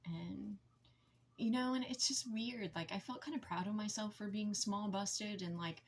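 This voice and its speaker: A woman in her forties venting to camera in a raw, blunt, heavily profane way, with halting, emotional phrasing. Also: mid-range voice, a little hiss or hum. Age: 40s. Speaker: vlogger.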